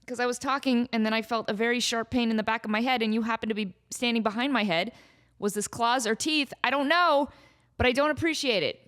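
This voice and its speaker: A woman's voice: a little high, steady tone, quick pace, a bit bright. Chatty woman hosting a solo podcast. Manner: chatty and self-deprecating, breaks off to scold her cat. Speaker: podcast host. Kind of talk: casual solo podcast chat.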